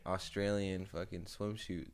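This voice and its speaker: A man's voice: sits low, little pitch movement, measured pace, crowd noise. A man co-hosting a podcast, talking bluntly in casual chat and swearing freely. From United States. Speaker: podcast co-host.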